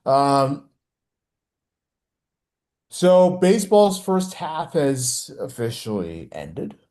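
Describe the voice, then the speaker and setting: A man's voice: mid-range voice, big pitch swings, very slow, a little mellow. A man hosting a casual sports podcast, rambling and hesitant with many restarts. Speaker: podcast host.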